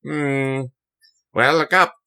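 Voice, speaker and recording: A man voicing a laid-back male bird teacher, soft-spoken and unhurried. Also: medium pitch, steady tone. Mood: calm. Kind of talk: video game voice acting.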